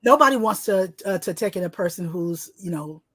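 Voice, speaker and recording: A middle-aged woman from New Jersey, a guest telling personal stories in a sing-song, animated way and acting out voices. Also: fairly low pitch, a little fast, no echo. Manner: lively, acts out voices in her stories. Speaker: guest, author and illustrator. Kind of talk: personal storytelling in conversation.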